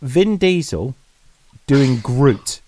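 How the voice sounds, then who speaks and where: A man's voice: medium pitch, big pitch swings, extremely slow, darkish tone. Chatty man talking about films. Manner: chatty, with many restarts and filler words. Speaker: podcast co-host. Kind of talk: casual film review chat.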